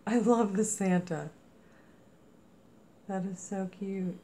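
A woman unboxing craft mail, talking at an unhurried, slow pace. She gushes and exclaims over each item in a casual, chatty way. A faint background ambience sits under her voice. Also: mid-range voice, creaky, dark tone, a little hiss or hum. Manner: gushing, exclaims often. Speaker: crafting vlogger.

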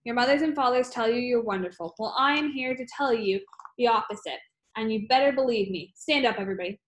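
Brief: bullying female headmistress, bellowing and sneering, fairly high voice; a woman reads her. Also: fast talker, reverberant, natural voice. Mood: scornful. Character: huge bullying female headmistress, harsh and scornful. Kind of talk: audiobook reading.

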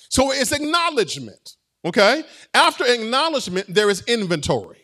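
A male pastor delivers his sermon in a high, animated voice that swoops up and down. He talks to the congregation like friends, with playful asides, and calls for them to answer back. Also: normal speed. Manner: conversational preaching with playful asides and call-and-response.

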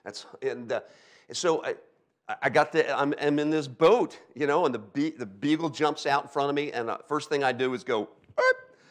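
A man's voice: medium pitch, moderate pace. A middle-aged man from Delaware preaching a sermon as a pastor, telling stories with sound effects and frequent "okay?" asides. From Delaware, USA.

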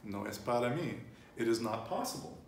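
A man's voice: mid-range voice, lively intonation, brisk, vocal fry. A man teaching a casual Spanish lesson, patiently prompting his learner and repeating her answers. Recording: roomy, distant mic with faint noise.

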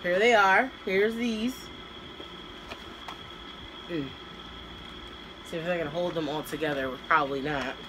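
A woman's voice: lowish voice, slow, long pauses, noisy background. A woman vlogger chatting casually and hesitantly as she unboxes and taste-tests snacks, with many fillers. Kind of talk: casual taste-test vlog.

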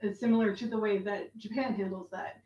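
A woman's voice: mid-range voice, fairly even intonation, fairly quick, mellow. A woman co-hosting a casual livestream chat, giggly and passing along viewers' messages. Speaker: co-host. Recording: distant, roomy, muffled audio.

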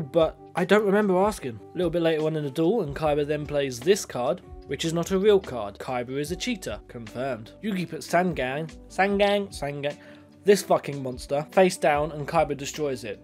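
A man's voice: fairly high pitch, expressive, normal speed, a little mellow. Male commentator, sarcastic and exasperated, with faint background music. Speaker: video commentator. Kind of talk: comedic commentary.

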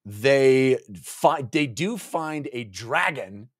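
A man's voice: medium pitch, animated, drawn-out words, no echo, studio quality. A man co-hosting a casual book discussion podcast, rambling and playful, with many fillers. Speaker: podcast co-host.

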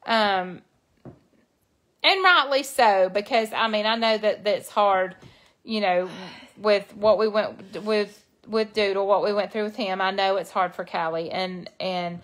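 A woman's voice: medium pitch, measured pace, fairly bright tone. A woman hosting a casual phone live stream, talking in a soothing, reassuring, folksy way.

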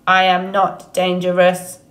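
A woman voicing a calm, polite female robot who speaks slowly and evenly in a storybook reading. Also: fairly low pitch, reverberant. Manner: slow, even, deliberate delivery.

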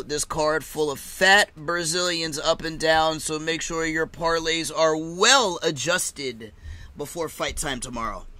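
A man's voice: fairly high pitch, pushed and bright. A man casually chatting and laughing as he reacts live to a fight card, with loose, swearing banter.

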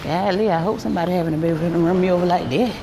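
A tired, worn-out middle-aged woman from Alabama, with a Southern US accent, walks hospital corridors and rooms indoors, chatting straight to her viewers in a casual handheld vlog. Her voice is lowish and racing, captured on a handheld phone amid noisy hospital ambience.

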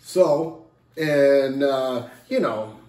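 A man's voice: medium pitch, animated, very slow, a little mellow, echoey room. A man casually reviewing a beer on camera, rambling and self-correcting with playful jokes. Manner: playful sound effects and jokes.

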